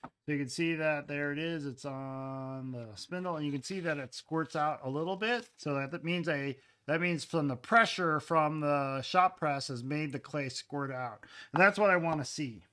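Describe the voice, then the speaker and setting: In his pottery studio, a ceramics artist live-streams himself making clay cups, chatting casually and often drifting off into murmurs as he works. His voice is fairly high, bright and forceful, delivered at a normal speed.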